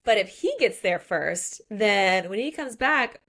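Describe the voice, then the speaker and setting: A woman's voice: mid-range voice, lively intonation, a little slow, a bit bright. A young woman co-hosting a podcast, chatting casually and acting out characters' lines as she retells a story. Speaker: podcast co-host. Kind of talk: casual book recap chat.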